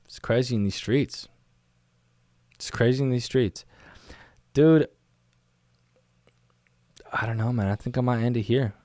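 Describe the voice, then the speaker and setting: A man's voice: medium pitch, unhurried, long pauses, mellow, dry recording. A man hosting a casual solo podcast from a small studio, rambling in a laid-back way and saying dude and man constantly. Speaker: podcast host. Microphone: studio microphone on camera.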